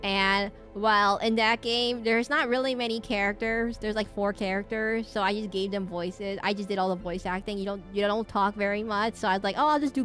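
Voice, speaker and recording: A woman's voice: mid-range voice, a bit bright. Giggly, rambling woman streamer. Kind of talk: casual game-stream chat.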